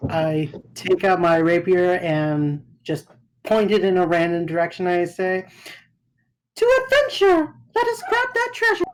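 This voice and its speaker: A woman's voice: lowish voice, big pitch swings, unhurried, slight background noise, rough recording. A woman playing her character in a tabletop game, eager and theatrical. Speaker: player.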